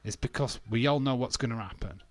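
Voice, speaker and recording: A man's voice: medium pitch, fairly quick, dry recording. A British man hosting a casual live watch-along, bantering and reading chat comments aloud with frequent laughs. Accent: British English. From England.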